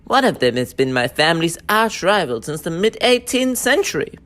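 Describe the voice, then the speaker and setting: A man's voice: a little high, big pitch swings, a bit bright, pitched above the performer's own voice. A man voicing a haughty upper-class British man with a put-on posh British accent. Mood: disdainful. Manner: pompous, drawn-out.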